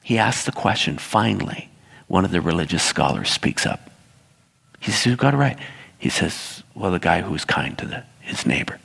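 A man preaching with a lowish voice, mixing story and pointed asides to the people in front of him. His words ring out with a long reverb from a church hall. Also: normal speed, creaky, slightly rough. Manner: storytelling, animated asides to congregation. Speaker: pastor. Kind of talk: sermon.

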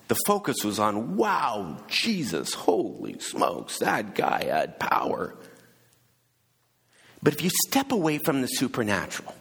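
A gravelly, husky-voiced man tells a story in a relaxed conversational sermon, pausing and restarting as he goes. His voice rings out with a long reverb in the hall. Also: mid-range voice. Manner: casual, hesitant retelling with asides.

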